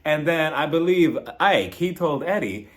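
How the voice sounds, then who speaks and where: A man's voice: a little high, a little slow. A man recapping a reality TV episode in a casual, sassy way, full of mocking asides. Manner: animated and sassy, with mocking impressions.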